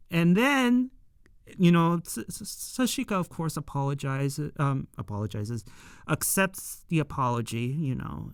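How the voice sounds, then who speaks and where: Slow, smooth-voiced rambling show reviewer. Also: medium pitch, no room sound, clean studio sound. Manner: rambling, heavy fillers, loosely paraphrases scenes. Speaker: episode reviewer. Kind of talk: casual episode recap.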